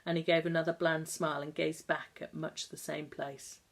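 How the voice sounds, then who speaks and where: Low-voiced woman reading a novel. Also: vocal fry. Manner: measured, calm storytelling. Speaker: audiobook narrator. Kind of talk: scripted narration.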